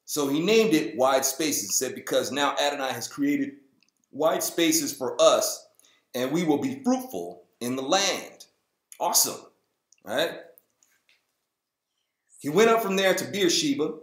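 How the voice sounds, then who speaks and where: Jokey man reading scripture, lively pitch. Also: measured pace, long pauses, echoey room. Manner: jokey, acts out the people in the story in goofy high voices. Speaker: host. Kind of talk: casual Bible reading with comic asides.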